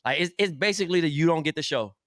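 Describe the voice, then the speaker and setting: A man's voice: fairly high pitch, fast talker, fairly bright tone, no room sound. Male co-host, loose profane storyteller, dry close-mic sound, casual chat. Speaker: podcast co-host.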